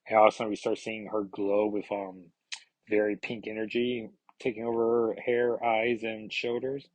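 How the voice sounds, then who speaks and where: A man's voice: on the low side, little pitch movement, a little mellow, dry recording, rough recording. A man hosting a comic book podcast, casually reading through an issue with rambling commentary and lots of fillers. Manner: rambling, filler-heavy, reads dialogue in quick put-on voices.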